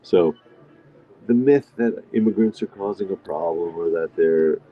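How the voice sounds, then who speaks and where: Speaking a little slowly in a low voice, a middle-aged livestream host chats casually from a restaurant diner. He eats, rambles, and answers viewer comments. The sound is dull lo-fi with faint music in the background.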